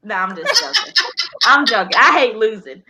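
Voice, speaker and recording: A playful woman guest trading teasing jokes in easygoing talk. Her voice sits a little high. The call carries a clear hiss of noise behind her. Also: big pitch swings, normal speed. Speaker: guest author. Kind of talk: casual joking chat.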